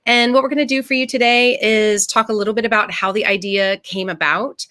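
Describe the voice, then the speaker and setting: Woman, storybook author, mid-pitched, animated read-aloud for kids over a video call, stops to explain words. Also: a little fast. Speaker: picture book author. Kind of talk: live storytime reading aloud to children.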